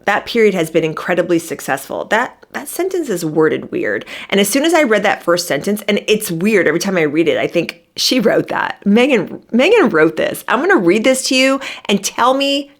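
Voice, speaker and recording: A woman's voice: medium pitch, very animated, brisk, hardly any pauses. A woman giving an emphatic, sarcastic commentary monologue, admitting she is worked up. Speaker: commentary vlogger. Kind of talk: opinionated monologue.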